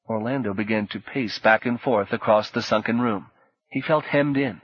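A man reading audiobook narration in a measured, even storytelling manner. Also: lowish voice, slightly rough, no echo. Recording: dull lo-fi dry audio.

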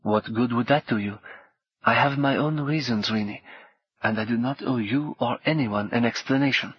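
A man voicing a grave, guarded mysterious woman hacker, speaking quietly and formally. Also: mid-range voice, moderate pace, husky, lo-fi sound, close to an everyday voice.

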